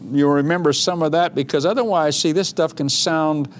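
A man's voice: a little high, moderate pace, slight background noise. A man preaching a sermon, reading scripture with mounting emphasis and breaking into chatty asides. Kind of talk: sermon teaching.

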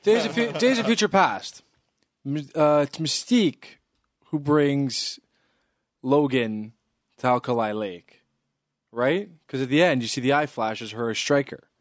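A man's voice: medium pitch, lively intonation, measured pace, long pauses, dry recording, clean studio sound. A man in casual chat about a film, blunt and profane, arguing plot points.

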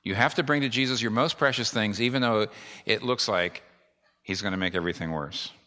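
A man's voice: on the low side, a little fast, sharp tone. A middle-aged male pastor preaching a sermon with emphatic repetition. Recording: long reverb of a large hall.

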